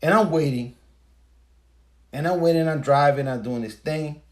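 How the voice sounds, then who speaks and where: A man's voice: a little high, normal speed. Profane man ranting in a story. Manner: profane, emphatic, storytelling with rhetorical questions. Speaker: podcast host. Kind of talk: casual ranting monologue.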